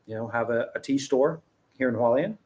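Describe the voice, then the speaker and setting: A man's voice: medium pitch, a little fast, a little mellow. A man hosting his own tea channel, talking casually to his viewers and often restarting his sentences. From Western. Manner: rambling, many restarts, chuckles. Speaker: tea seller and channel host. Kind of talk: casual talk to camera.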